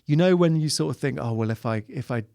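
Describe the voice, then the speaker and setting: A man's voice: medium pitch, fast, gravelly, dry recording, clean studio sound. A man, a comedian guest on a chat podcast, telling rambling stories and acting out the people in them. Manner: rambling, animated storytelling with acted-out quotes.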